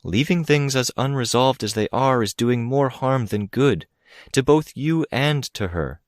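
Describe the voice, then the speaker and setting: Earnest coaxing mother, read by a man, raised softer pitch, dry close sound. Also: lively intonation, measured pace, dry recording, lightly acted. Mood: pleading. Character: composed, pleading middle-aged mother. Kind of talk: audiobook character reading.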